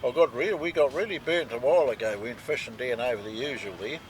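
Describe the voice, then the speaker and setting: A man's voice: medium pitch, fast talker. A man with a New Zealand accent chatting casually outdoors at a campsite for a vlog, dropping "mate" and "eh" as he shows off his gear. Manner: chatty, peppers talk with "mate" and "eh". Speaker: vlog co-host.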